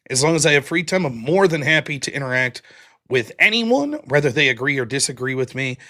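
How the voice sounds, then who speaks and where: A man hosts his own evening live stream, talking loosely and rambling on with self-deprecating asides. His voice is bright and forceful, at an ordinary middle pitch. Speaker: show host. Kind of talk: casual live-stream chat.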